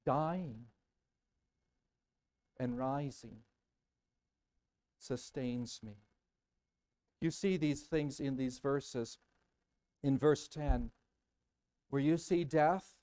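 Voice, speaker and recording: A man preaching a sermon as pastor in a church, dramatic and emphatic, repeating words for weight and swinging from hushed murmurs to loud outbursts. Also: on the high side, slow, long pauses, poor audio. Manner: emphatic repetition. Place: church sanctuary.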